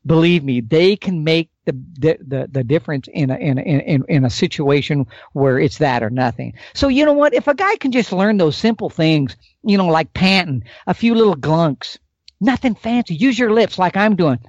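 Excitable high-voiced man talking elk hunting. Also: normal speed, no echo, muffled recording. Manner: excited, emphatic, demonstrates elk calls with his mouth. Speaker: podcast guest, elk calling expert. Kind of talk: animated podcast storytelling.

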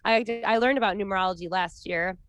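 A woman's voice: mid-range voice, fast talker, a bit bright, clean tone, no room sound. A woman in her thirties in casual chat, talking earnestly about spiritual ideas and often restarting her sentences. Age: 30s.

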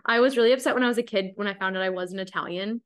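Woman, twenties, from the United States, podcast host, casual chat, chatty, fillers, mid pitch. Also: very fast. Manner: chatty, many fillers, laughing easily.

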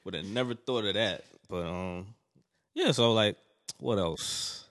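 A man talking casually and slangily in a podcast chat, often trailing off quietly. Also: lowish voice, measured pace, big-room sound.

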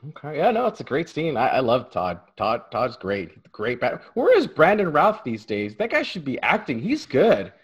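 Man, mid-pitched voice, eager podcast co-host, stammers, repeats words, muffled sound. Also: wildly swooping pitch, normal speed, hardly any pauses, slightly rough. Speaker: film review podcast co-host. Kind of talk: casual film chat.

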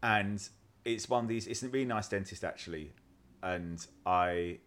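An English man in his late thirties, co-hosting a casual chat podcast, telling animated stories and laughing at them. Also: low voice, normal speed. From England. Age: 30s. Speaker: podcast co-host.

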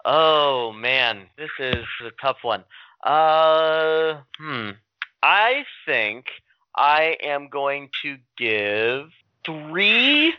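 A man's voice: a little high, sing-song, very slow, smooth, no room sound, highs cut off. A man chatting casually on a group podcast, jokey and drawn out, with many fillers. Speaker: podcast co-host.

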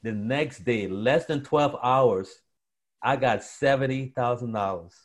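A man's voice: mid-range voice, a little slow. A young man telling his story as a guest in an interview, acting out the voices of the people he quotes. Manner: animated storyteller, acts out quotes.

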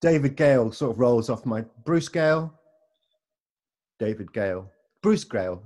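A man co-hosting a casual podcast chat, playful and quick to laugh. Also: medium pitch, lively intonation, a little mellow. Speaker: podcast co-host.

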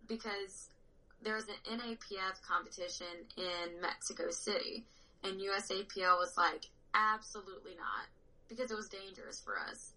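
A young woman tells stories in casual conversation. Her voice is strikingly bright and clear, and she talks animatedly, often breaking into laughter. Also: medium pitch, normal speed, rough recording. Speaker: powerlifter guest. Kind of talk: casual chat.

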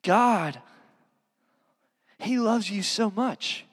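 A man's voice: sits high, drawn-out words, a bit bright, slightly rough. A man preaching a sermon as a pastor, earnest and conversational, with many casual fillers. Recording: long hall reverb.

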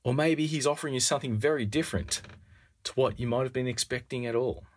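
Husky-voiced man preaching a sermon. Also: quick pace. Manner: earnest, wry, acts out quotes with rising pitch.

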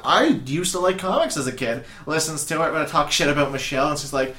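Man, podcast co-host, rambling, swears a lot, shouted bits, slightly high voice, roomy echo. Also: quick pace. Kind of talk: casual comedic chat. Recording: echoey room.

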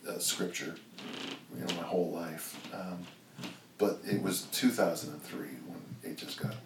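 An older man with a very low voice talks in a loose, rambling way, circling back with "you know" as he tells his stories. He sits back from the mic in an echoey room, with faint ambience behind him. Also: steady tone, a little slow, distant mic, slight background noise. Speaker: strength coach and guest. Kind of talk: casual interview storytelling.

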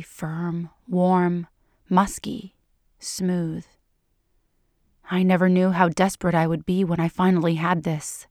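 Female reader for intimate fiction: lower pitch, gentle hushed delivery, dry booth sound. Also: no room sound. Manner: soft, hushed and unhurried, dropping to whispers. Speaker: audiobook reader.

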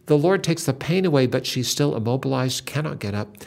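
A man's voice: medium pitch, lively intonation, brisk, gravelly, a little mellow. Older man, Christian talk host, earnest storyteller, dramatic. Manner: earnest, dramatic retelling with acted quotes.

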